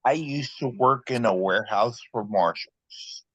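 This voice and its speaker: A man chatting on a podcast, speaking in a hesitant, halting way. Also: medium pitch, a bit bright, breathy edge, dry recording, muffled recording. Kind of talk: casual podcast chat.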